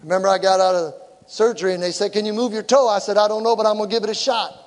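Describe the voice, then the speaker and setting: Middle-aged male preacher, very high voice, animated, shouting sermon, echoing hall. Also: very fast. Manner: animated, shouting to the congregation, with laughter. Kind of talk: sermon with personal story. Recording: large hall with long reverb.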